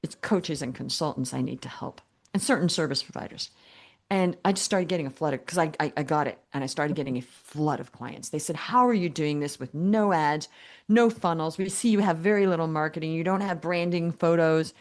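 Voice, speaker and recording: An older woman with a fairly low voice tells her story in an interview. She talks in a lively, humorous way and acts out quoted conversations in different voices. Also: brisk. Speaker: guest business coach.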